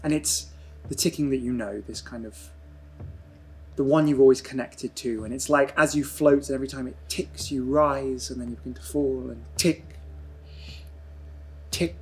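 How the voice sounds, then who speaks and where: A man narrating a tabletop role-playing game as game master, in slow, hushed, dreamy descriptions. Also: medium pitch, fairly even intonation, slight background noise.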